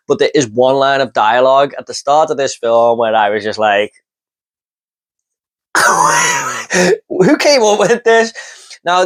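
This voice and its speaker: A man giving casual commentary on bad horror movie lines, laughing often and swearing as he mocks them. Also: mid-range voice. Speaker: movie reviewer.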